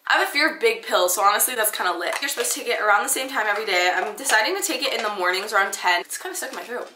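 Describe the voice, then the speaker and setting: A young woman speaking candidly and emotionally in a video diary, tired and low. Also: racing, sharp tone, slight background noise. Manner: candid, emotional, tearful at times. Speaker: vlogger.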